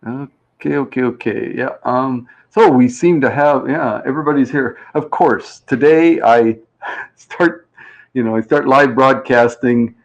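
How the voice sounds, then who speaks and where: Guy rambling on a live stream, reads chat out loud, kinda dull lo-fi audio. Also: medium pitch, a little slow. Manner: chatty and rambling, reads chat aloud, plays with pronunciations. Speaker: game show host on a live stream.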